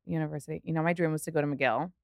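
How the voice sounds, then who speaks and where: A woman hosting a podcast, chatting casually and asking quick questions. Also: sits low, fairly even intonation, gravelly, dry recording, clean studio sound. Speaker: podcast host.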